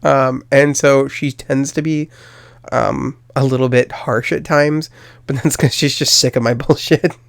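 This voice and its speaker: In an unhurried, steady mid-range voice with some vocal fry, a young man hosting his podcast shares a rambling personal anecdote, self-deprecating and heavy on fillers. It's a dry, studio-quality recording.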